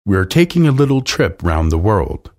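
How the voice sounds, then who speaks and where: A man voicing a brisk, firm nanny in a storybook reading. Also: fairly low pitch, sing-song, darkish tone. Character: prim, firm nanny Mary Poppins.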